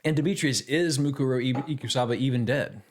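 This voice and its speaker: A man streaming a video game, reacting loudly, swearing, laughing and chatting with viewers. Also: medium pitch, quick pace, a little hiss or hum. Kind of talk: casual gaming stream commentary.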